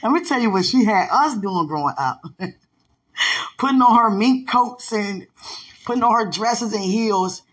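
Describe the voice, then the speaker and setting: A woman's voice: a little high, animated, unhurried, husky. A middle-aged woman in casual, affectionate chat, rambling through loose stories.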